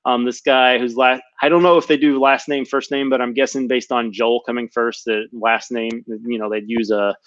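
A man's voice: mid-range voice, flat delivery, moderate pace, few pauses, fairly bright tone, no room sound, muffled recording. A man hosting a casual podcast chat, rambling with lots of ums and self-corrections. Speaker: podcast host.

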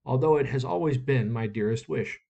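A man reading aloud, voicing a polite young male stage actor who speaks in a formal, courteous and measured way. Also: mid-range voice, gravelly, warm tone, muffled recording.

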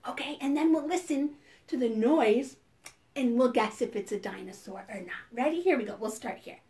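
A woman's voice: high voice, animated, moderate pace, mellow. A woman librarian leading a preschool storytime, playful and sing-song, gasping and making animal sounds for the children.

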